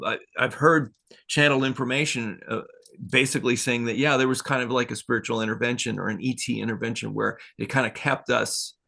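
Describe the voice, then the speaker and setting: A man's voice: medium pitch, creaky, sharp tone. A man hosting a spiritual talk show, telling stories in a loose, rambling way with small chuckles. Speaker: podcast host.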